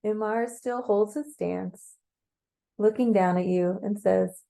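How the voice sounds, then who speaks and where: A woman narrating a guided meditation in a slow, calm, measured way. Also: medium pitch, gravelly.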